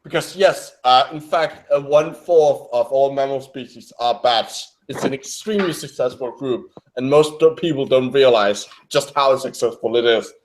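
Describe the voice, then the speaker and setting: A man's voice: mid-range voice, moderate pace, hardly any pauses, low-quality recording. Hesitant young man in casual commentary. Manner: hesitant, many restarts, laughs often. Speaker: co-host commenting on a video.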